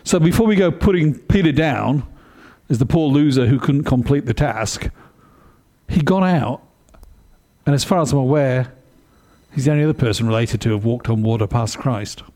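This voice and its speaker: Speaking at a normal pitch and normal speed, a male preacher gives a sermon in a mellow, relaxed tone. His delivery is conversational and animated, and he repeatedly pauses to pose questions to his audience.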